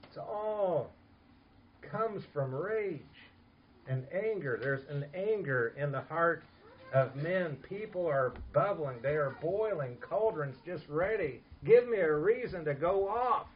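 Male pastor, earnest emphatic sermon, fairly high voice, dull lo-fi sound. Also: animated, slow pace, a little hiss or hum. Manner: earnest, emphatic preaching with soft asides.

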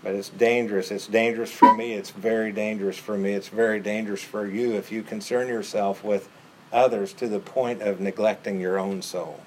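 A man's voice: fairly low pitch, steady tone, normal speed, background noise. A man preaching a sermon in an earnest way, repeating phrases for emphasis.

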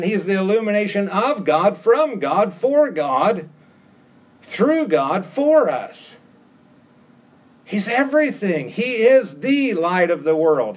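A middle-aged male preacher delivers a sermon at a slow, deliberate pace. His voice sits a little higher than most men's and climbs on repeated phrases, pressing each point home with steady emphasis. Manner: emphatic, repetitive preaching cadence with rising emphasis.

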